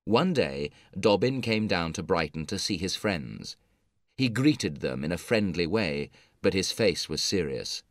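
A man narrating a story for English learners in a measured, clear reading. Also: low-pitched, big pitch swings, dry recording, clean studio sound.

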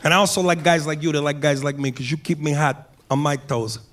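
A cool, laconic movie-star crook, as a male comedian impersonates him. He mutters his lines low and offhand, unhurried and unbothered. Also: steady tone, a bit bright, natural voice. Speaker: comedian impressionist.

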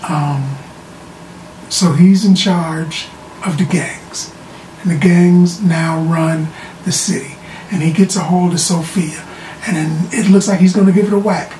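Casual show recap, rambly and animated, repeats words, echoey room, low hiss behind. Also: a little slow. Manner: animated storytelling, repeats words when restarting. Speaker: TV show reviewer. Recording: roomy sound from a distant mic with faint background noise.

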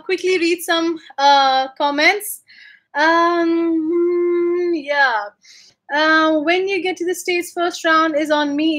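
A woman's voice: high voice, fairly bright tone. A woman from India, hosting a casual livestream from her room at home and reading viewer comments in a chatty, upbeat way with frequent ums and uhs.

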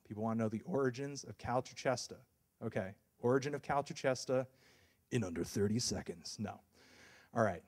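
A man's voice: medium pitch, a little mellow. Rambling young man giving a casual talk. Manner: rambling and self-deprecating, with many fillers and restarts. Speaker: music reviewer giving a university talk. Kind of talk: casual lecture.

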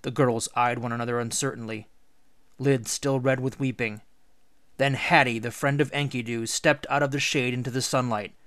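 A man's voice: mid-range voice, no echo. Man reading a story aloud, dry. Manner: measured, expressive storytelling. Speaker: teacher. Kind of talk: read-aloud storybook narration.

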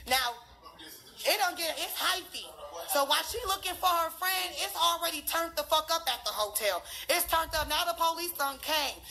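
A young woman with a high voice ranting through her version of events. Her delivery is profane, emphatic and full of repetition, and her tone is bright and sharp. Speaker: friend telling her account. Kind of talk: heated storytelling rant.

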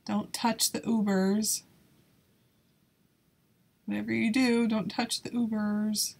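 A woman's voice: mid-range voice, steady tone, unhurried, gravelly, pauses often, a little mellow. A woman giving casual gameplay commentary in a nervous, exclaiming way, laughing often. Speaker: YouTuber playing a video game.

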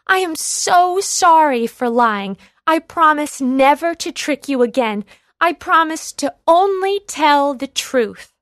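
A woman voicing a young shepherd boy in a storybook, calling out loudly in a high voice. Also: big pitch swings, takes it slowly, few pauses, no room sound, clean studio sound, full character voice. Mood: pleading. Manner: shouting and pleading, high and loud. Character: young shepherd boy, mischievous then frightened.

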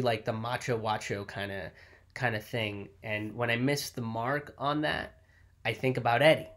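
A man's voice: mid-range voice, a bit bright. Candid, rambling male comedian vlogging. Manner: rambling and candid, with lots of fillers and swearing. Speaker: touring comedian. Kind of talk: casual reflective vlog talk.

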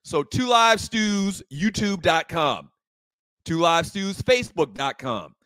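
Male talk-show co-host, relaxed and jokey, a bit high-voiced, close dry mic. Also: takes it slowly, clean tone, no room sound. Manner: laid-back, joking, reads promos and chat messages. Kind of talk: casual sports talk show banter. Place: bar.

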